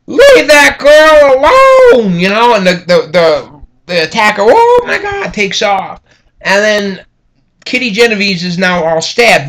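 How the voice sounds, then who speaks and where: Casual higher-voiced man lecturing. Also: a bit bright. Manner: casual, conversational, frequent fillers and "okay?" check-ins. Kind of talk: recorded classroom lecture.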